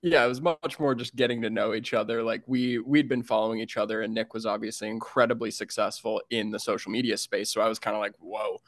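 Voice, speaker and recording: A man's voice: fairly low pitch, steady tone, quick pace, few pauses, dry recording, clean studio sound. A man in his twenties, a financial planner and podcast guest, telling stories in an upbeat way and laughing often. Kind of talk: casual interview storytelling.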